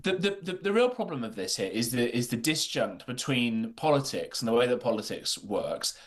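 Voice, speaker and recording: A man's voice: medium pitch, sing-song. A male political commentator talks on a radio show. His voice sits in the middle range, and he builds his points steadily with a wry edge. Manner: measured, wry, argumentative. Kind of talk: talk radio political discussion.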